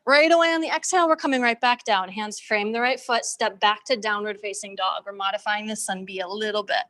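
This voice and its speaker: A young adult woman teaching a yoga class over a video call, giving calm, steady breath and movement cues. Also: mid-range voice, fairly quick, low-quality recording. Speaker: yoga instructor. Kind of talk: live-cued yoga class.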